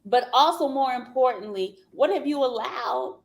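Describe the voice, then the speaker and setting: A woman's voice: high voice, normal speed, vocal fry. A woman hosting a panel talk, speaking frankly and loosely and swearing in passing. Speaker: host. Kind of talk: casual panel discussion.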